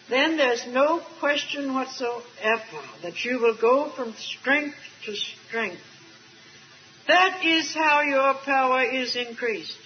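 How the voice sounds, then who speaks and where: High-voiced older woman preaching on old tape. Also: slight background noise. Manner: earnest, slow emphatic stretches with light asides. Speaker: speaker at a Christian retreat. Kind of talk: sermon. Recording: dull archival tape recording.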